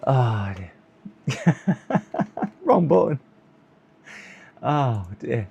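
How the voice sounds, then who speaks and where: Tired gravelly man. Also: medium pitch, animated, slow pace, long pauses, a little mellow. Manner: muttering to himself, chuckling, hopeful coaxing. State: sore throat. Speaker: electronics repair live streamer. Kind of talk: casual live-stream commentary while working.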